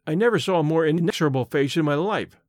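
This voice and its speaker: A man's voice: fairly high pitch, quick pace, dry recording, clean studio sound, lightly acted. A man reading the part of a shaken young engineer, earnest and plain-spoken. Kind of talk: audiobook character reading.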